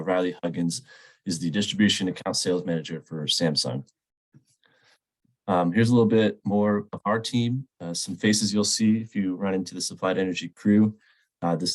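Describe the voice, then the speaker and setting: A man's voice: sits low, poor audio. A man hosting a sales webinar with a stuffy, nasal voice from a cold, talking casually with many ums and uhs. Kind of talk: webinar presentation.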